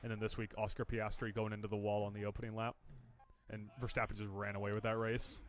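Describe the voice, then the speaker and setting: A man's voice: on the low side, monotone, fast. A man co-hosting a podcast in casual chat, rambling and teasing with dry humor. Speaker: podcast co-host.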